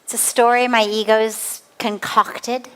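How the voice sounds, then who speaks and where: A woman spiritual teacher giving a calm, deliberate spiritual discourse in an outdoor garden. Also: on the high side, clear, resonant tone.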